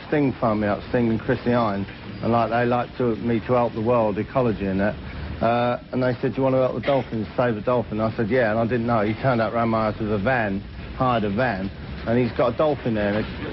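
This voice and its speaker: A cheeky male comedy show host with a mid-range voice delivers an in-character stand-up monologue, rambling through tall tales and tossing asides to the audience. The old TV recording sounds dull and muffled, with hiss.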